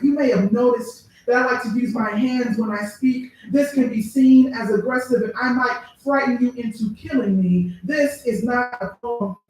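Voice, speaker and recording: A woman poet giving a measured, deliberate spoken-word reading with pauses at a live bookstore event. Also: a little high, recorded from a distance. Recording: very echoey room, heard from afar.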